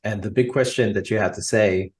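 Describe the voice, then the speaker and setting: A man's voice: lowish voice, steady tone, a little fast. An American man co-hosting a podcast, talking casually and enthusiastically with plenty of fillers. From United States. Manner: chatty and enthusiastic, many fillers. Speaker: podcast co-host. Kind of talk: casual chat.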